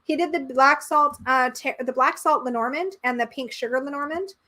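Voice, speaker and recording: A woman co-hosting a live stream, chatting casually and gushing over card designs, quick to laugh at herself. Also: sits high, sharp tone. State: slight tickly throat, coughing. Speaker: co-host of a tarot livestream.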